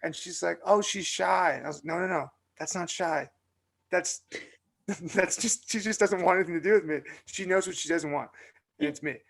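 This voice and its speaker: A young man spins an animated story on a casual podcast. His voice sits a little high, and it has a gravelly fry. He leans on fillers and restarts as he talks. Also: brisk. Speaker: podcast co-host.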